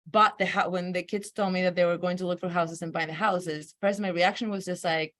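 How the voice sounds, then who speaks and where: A woman's voice: lowish voice, brisk. A woman in a coaching session, speaking candidly with lots of fillers. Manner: candid, animated storytelling with many fillers. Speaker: coaching client. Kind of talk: emotional personal account.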